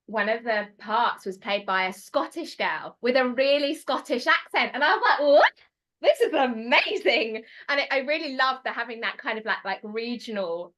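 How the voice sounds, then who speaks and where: A woman from England, a guest on a podcast, chatting in a bubbly, excitable way and laughing often. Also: medium pitch. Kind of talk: casual podcast chat.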